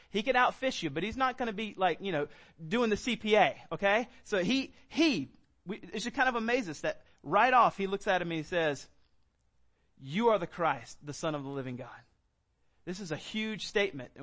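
A man delivers a sermon, talking through scripture verse by verse. His voice sits a touch high, and he mixes relaxed asides with emphatic, stressed declarations. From Southern United States. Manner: earnest teaching, emphatic, conversational asides. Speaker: pastor.

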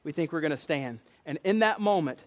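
A man's voice: fairly high pitch, lively intonation, a little fast. A man with a Southern US accent preaching a sermon in a conversational way, acting out quotes in different voices.

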